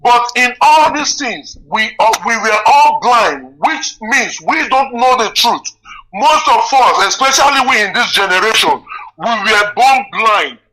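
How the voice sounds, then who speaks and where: Caller guy, super polite, high bright voice, keeps saying sir. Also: expressive, measured pace, low-quality recording. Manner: deferential, says sir often. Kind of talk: phone-in talk.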